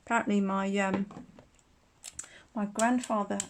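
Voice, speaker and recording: A woman's voice: mid-range voice, fairly even intonation, unhurried, slight background noise. A woman teaching a casual live craft demonstration, chatty and rambling, laughing often. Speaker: craft tutor.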